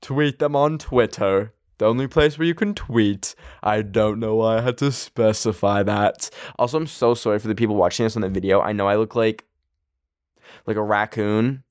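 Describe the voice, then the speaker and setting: A man's voice: fairly low pitch, moderate pace, a little mellow, dry recording, studio quality. A man hosting a podcast in casual chat, giddy and self-mocking, rambling off track and laughing at himself. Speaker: podcast host.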